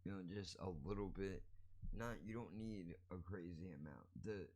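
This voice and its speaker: A man's voice: low voice, moderate pace, darkish tone. A man hosting a podcast, giving a blunt, profane, ranting monologue. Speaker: podcast host.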